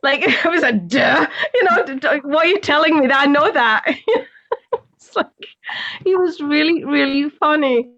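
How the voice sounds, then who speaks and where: A woman with a high voice tells her story in a giggly, emotional way. The sound is dull and lo-fi, like a remote call. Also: normal speed, a bit bright. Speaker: guest. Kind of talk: casual spiritual chat.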